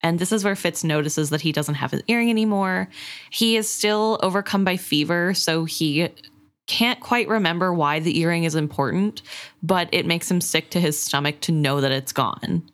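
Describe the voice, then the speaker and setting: Woman talking about a book, lowish voice, thoughtful, kinda sympathetic. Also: moderate pace. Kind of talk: book discussion.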